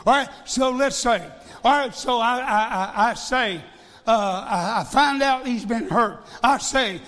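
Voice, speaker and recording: A man's voice: very high-pitched, unhurried, a bit bright. A male evangelist preaching a sermon, emphatic, repeating phrases and firing rhetorical questions. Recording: long hall reverb.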